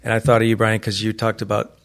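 A man's voice: fairly low pitch, monotone, fast talker, fairly bright tone. A man co-hosting, telling a personal story in a plain, matter-of-fact way. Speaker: co-host. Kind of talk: casual storytelling.

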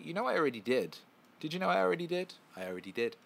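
A man's voice: mid-range voice, big pitch swings, fast, gravelly. A man hosting a casual live stream, answering chat questions in an emphatic, profane, repetitive way.

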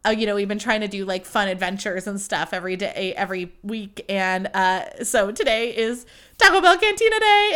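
A woman's voice: mid-range voice, fairly bright tone, clear, resonant tone. A young woman hosting her own podcast, chatting in a bubbly, rambling way with lots of fillers. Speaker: podcast host. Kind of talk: casual chat.

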